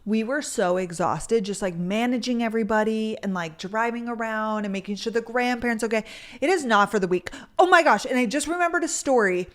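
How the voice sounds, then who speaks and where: A woman's voice: a little high, fairly quick, a bit bright. A woman, chatting to camera and telling stories, full of "like"s and acted-out quotes. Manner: chatty, storytelling with many "like"s and quoted voices. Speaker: content creator. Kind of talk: casual chat to camera. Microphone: camera mic.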